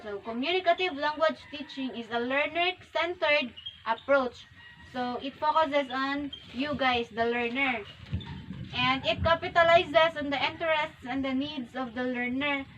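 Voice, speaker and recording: A young woman giving a demo classroom lesson, explaining slowly with frequent restarts and repetition. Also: sits high, fairly bright tone, dull audio, slight background noise. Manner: slow, repetitive, self-correcting classroom explanation. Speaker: teacher. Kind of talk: demo micro-teaching lesson.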